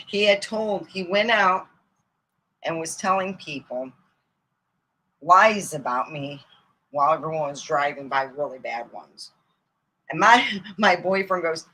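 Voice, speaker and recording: A woman's voice: sits low, lively intonation, takes it slowly, pauses often, pushed and bright, slightly rough, rough recording. A middle-aged woman telling rambling, profane comic stories from her own life and laughing at them as she goes. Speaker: comedian. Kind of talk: casual storytelling monologue.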